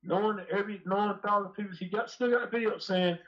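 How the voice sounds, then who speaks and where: A man's voice: high-pitched, steady tone, rapid-fire, fairly bright tone, highs cut off. A man calling in as a guest, telling a rambling story in casual, profane talk, sounding aggrieved. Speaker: call-in guest. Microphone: phone call.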